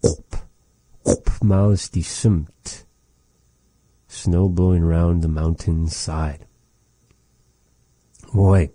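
A man teaching vocabulary in a casual lesson, repeating each word slowly with chatty asides. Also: deep voice, steady tone, mellow, no room sound. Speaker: language teacher.

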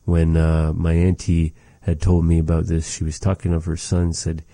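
A man teaching vocabulary in a casual lesson, repeating each word slowly with chatty asides. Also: deep voice, monotone, mellow, no room sound. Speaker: language teacher.

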